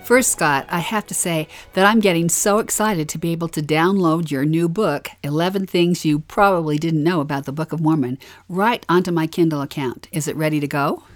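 Low-voiced woman co-hosting a lesson. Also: brisk, hardly any pauses, faint music behind. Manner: inquisitive, reflective, asks questions. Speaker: podcast co-host. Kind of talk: scripture lesson podcast.

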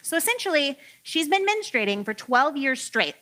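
A woman's voice: high-pitched, sing-song, moderate pace, pushed and bright. A woman preacher giving a casual, humorous sermon in a chatty, playful way, full of "like". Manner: chatty and playful, heavy use of "like".

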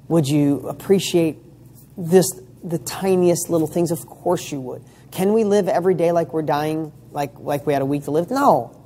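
Giving an emphatic motivational talk to real estate students, this coach peppers his speech with rhetorical questions and casual swearing. His voice is a little high and a little mellow, with a faint hiss or hum on the recording.

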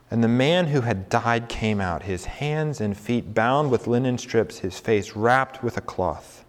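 A man's voice: medium pitch, normal speed. A man preaching a sermon as pastor, earnest and conversational. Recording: long hall reverb.

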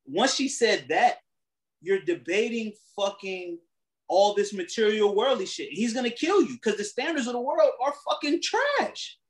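A man co-hosting a casual podcast, with a voice set well above the usual male pitch. He tells stories with gusto, acting out both sides of the exchanges he describes. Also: lively intonation, measured pace, poor audio. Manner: storytelling, acts out quoted exchanges, laughs often. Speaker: podcast co-host. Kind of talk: casual chat.

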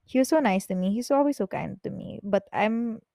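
A young woman talks through her day in a quick, jumbled, excitable ramble, dropping casual swears. Her voice sits in a middle pitch. It is recorded dry and close in her bedroom. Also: gravelly, no echo. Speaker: podcast host. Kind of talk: casual personal storytelling.

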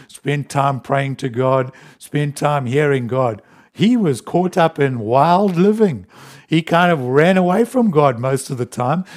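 A man preaching a sermon, reading scripture aloud and explaining it with emphatic rises and quiet drops. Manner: animated, rising to emphatic peaks then dropping low; reads scripture aloud between teaching.

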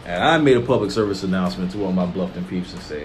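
A man's voice: deep voice, fast talker, hardly any pauses, faint music behind. A man co-hosting a casual chat, telling joking stories and swearing freely. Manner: profane, joking, animated storyteller. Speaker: podcast co-host.

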